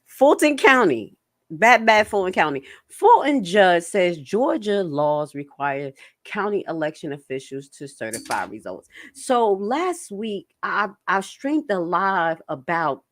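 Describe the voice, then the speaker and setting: A woman hosting her own livestream, chatting casually and reacting to news with slang and frequent laughter. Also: sits low. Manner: animated, slangy, laughs often. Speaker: livestream host.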